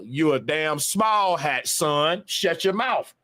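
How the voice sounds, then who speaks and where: A man's voice: fairly high pitch, expressive, slow, hardly any pauses, sharp tone, a little hiss or hum. Man ranting emphatically on a livestream. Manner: emphatic, profane, repetitive ranting. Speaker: live streamer. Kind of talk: casual livestream rant.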